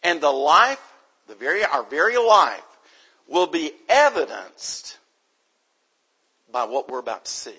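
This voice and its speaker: A man's voice: on the high side, big pitch swings, unhurried, pauses often, sharp tone, slightly rough, poor audio. A man from the United States preaching an emphatic sermon into a microphone, repeating his key points for stress.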